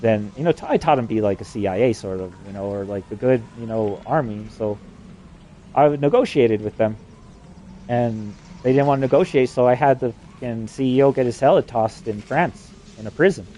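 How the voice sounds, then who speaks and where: A man from New Mexico, USA, with a mid-range, warm voice at normal speed, delivers an agitated, rambling monologue full of profanity. A little hiss or hum is audible.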